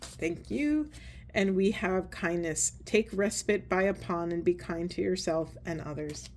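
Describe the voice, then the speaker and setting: A woman giving a spiritual oracle card reading, talking softly and earnestly, wandering through her thoughts with many fillers. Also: fairly low pitch, unhurried, slight background noise. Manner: soft, earnest, meandering with fillers.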